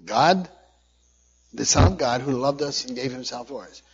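A man's voice: medium pitch, normal speed, slightly rough. A man preaching a sermon, reading scripture aloud and repeating key phrases earnestly. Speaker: pastor. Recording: dull lo-fi recording.

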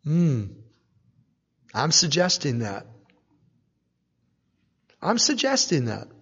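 A man with a high voice delivers a slow, conversational sermon, often asking the room "right?" with a small chuckle. His voice carries a long reverb from a large church hall. The recording sounds muffled and dull. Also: lively intonation, a bit bright. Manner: asks the congregation "right?" again and again, with a light chuckle. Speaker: preacher.

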